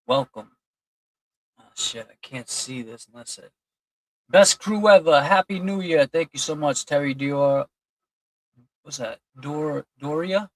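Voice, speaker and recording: A man's voice: fairly high pitch, measured pace, pauses often, no echo, rough recording. A man hosting a casual livestream, reading out and thanking chat donors in a loose, chatty way. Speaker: livestream host.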